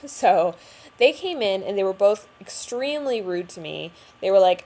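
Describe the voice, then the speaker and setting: A woman's voice: mid-range voice, animated, moderate pace, dark tone. A young woman talking candidly to camera about a hard time, chatty and full of fillers. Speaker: vlogger. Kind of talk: personal storytelling to camera.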